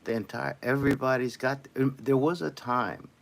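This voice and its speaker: A man's voice: mid-range voice, fairly even intonation, moderate pace, creaky, a little hiss or hum. A man livestreaming, chatting casually to viewers in a loose, rambling way with lots of repeated phrases.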